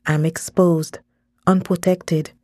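A woman reading a first-person story aloud in a measured way, dropping in short phrases in another language. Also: on the low side, flat delivery, a little mellow, no echo, clean studio sound. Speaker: narrator. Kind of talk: scripted story narration.

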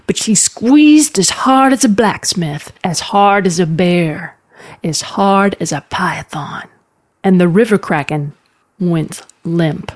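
A woman narrating a fantasy story in a calm, measured storytelling manner. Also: mid-range voice.

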